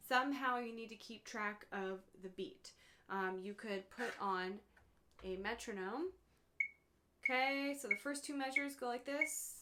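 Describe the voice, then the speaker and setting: A woman's voice: fairly high pitch, measured pace, bright, forceful tone. A woman music teacher giving a patient, step-by-step lesson to one student, chanting rhythm syllables as she counts beats.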